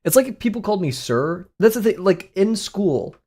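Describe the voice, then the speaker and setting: A man's voice: high voice, big pitch swings, normal speed, dark tone, breathy edge. Rambling young Southern man streaming. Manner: rambling, self-deprecating, chuckles often. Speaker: art streamer. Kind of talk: casual thinking-aloud live stream.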